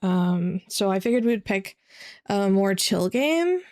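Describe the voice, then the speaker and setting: A tired young woman chatting casually as a streamer, with vocal fry and lots of fillers. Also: mid-range voice, expressive, slow, a little mellow. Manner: rambling, many fillers. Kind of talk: casual chat.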